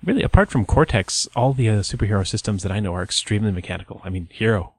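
A man with a fairly low voice co-hosts a gaming podcast, recorded dry and close. He is agreeable and laughs easily while chatting. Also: animated, very fast, no room sound. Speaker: podcast co-host. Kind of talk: casual podcast chat.

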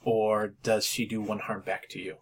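A man's voice: on the low side, flat delivery, normal speed, slight background noise. A man narrating as game master of a tabletop role-playing game, hesitant, with many ums and uhs. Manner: hesitant, lots of uh and um, laughs often.

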